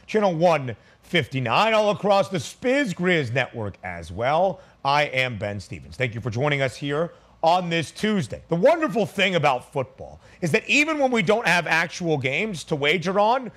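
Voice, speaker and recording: A man hosting a sports betting radio show, briskly rattling off odds and numbers. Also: a little high, big pitch swings, a bit bright.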